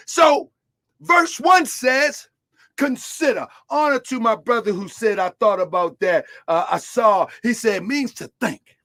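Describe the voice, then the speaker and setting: A man with a strikingly high voice delivers a sermon as a religious teacher. He punches key words with shouted emphasis, then drops to low, quiet asides. He keeps asking his listeners to call back answers. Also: expressive, unhurried. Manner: call-and-response questions to listeners.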